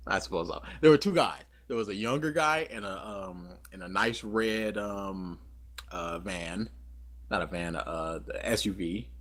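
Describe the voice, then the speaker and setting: A man with a low-pitched, fairly bright voice speaks slowly as a podcast co-host. He chats casually and tells a rambling story packed with fillers and self-corrections.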